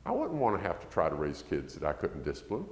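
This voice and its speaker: A man's voice: rumbling low, wildly swooping pitch, quick pace, a little mellow. A man preaching a conversational sermon, acting out quotes and rising to emphasis. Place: church sanctuary. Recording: echoey church hall.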